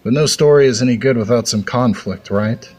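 A man's voice: medium pitch, brisk, darkish tone. A man hosting a fiction podcast, speaking in a reflective way after a story. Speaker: podcast host. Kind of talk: reflective outro commentary.

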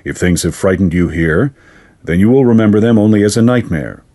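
A man voicing a courteous, sinister male fairy lord in a storybook reading, formal and measured. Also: on the low side, expressive, mellow, natural voice. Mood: courteous menace. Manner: formal, measured, silkily polite.

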